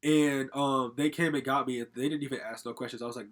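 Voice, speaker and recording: A young man from Connecticut tells a personal story in a loose vlog style. He talks at a rapid clip, circling back on himself with constant "like" fillers and casual swearing. His voice sits in a middle register. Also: mid-range voice, fairly even intonation, fairly bright tone. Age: young adult. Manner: rambling, heavy use of "like" fillers, swears casually. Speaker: storytime vlogger.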